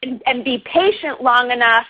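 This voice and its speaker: A talkative woman with a fairly high voice chats as an interview guest, upbeat and quick to laugh. Her voice comes through a dull, lo-fi online radio recording that takes the edge off the sound. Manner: chatty, upbeat, laughs often. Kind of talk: casual interview talk.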